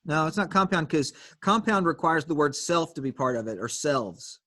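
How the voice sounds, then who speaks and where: A man's voice: fairly high pitch, animated, moderate pace, sharp tone, dry recording, studio quality. A man teaching an online grammar class on a video call, explaining patiently step by step and calling on students.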